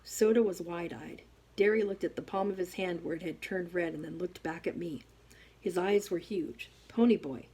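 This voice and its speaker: A woman reading a first-person novel aloud as an audiobook, with expressive storytelling. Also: lowish voice, normal speed, slightly rough. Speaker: audiobook reader.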